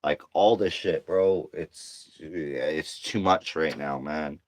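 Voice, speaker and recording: A man's voice: rumbling low, takes it slowly. A tired man venting to camera in a slangy, profane monologue, worn down and getting heated. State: exhausted.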